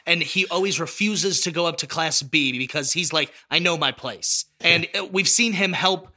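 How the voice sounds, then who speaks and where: Casual podcast talker, very bright and lively, acts out scenes as he narrates. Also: on the high side, moderate pace. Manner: animated storytelling, acts out scenes. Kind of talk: casual chat.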